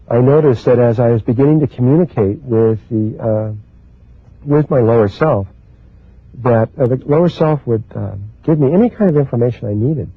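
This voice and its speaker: A man giving a spiritual talk in a slow, halting way, pausing often and restarting his sentences. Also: medium pitch, no room sound. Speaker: spiritual teacher. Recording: husky, dry, phone-like lo-fi recording.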